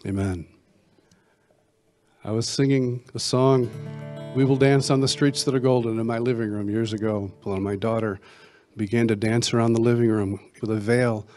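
A man's voice: medium pitch, little pitch movement, normal speed, a little mellow, faint music behind. A man, a worship songwriter, telling an emotional personal testimony and leading a prayer. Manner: earnest storyteller, emotional, acting out quotes.

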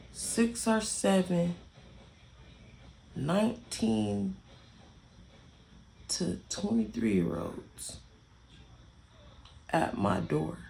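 Gravelly, lively woman ranting a storytime. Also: lowish voice. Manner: blunt, heavily profane, repeats herself for emphasis. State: irritated. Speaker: vlogger telling a story. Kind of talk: casual storytime rant.

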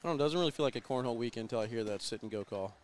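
A man doing relaxed, teasing color commentary on a cornhole match. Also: mid-range voice, rapid-fire, a little hiss or hum. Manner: relaxed, teasing, laughs easily. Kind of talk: casual sports commentary.

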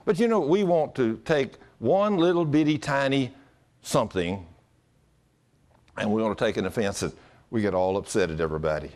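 A pastor telling a story in a sermon, folksy, animated and often chuckling. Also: male voice, medium pitch, moderate pace.

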